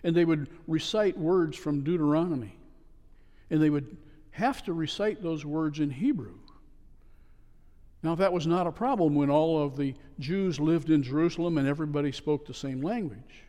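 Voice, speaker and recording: Casting note: male pastor with a slightly higher voice, earnest storytelling sermon, long church echo. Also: normal speed, mellow. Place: church sanctuary. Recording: long reverb of a church hall.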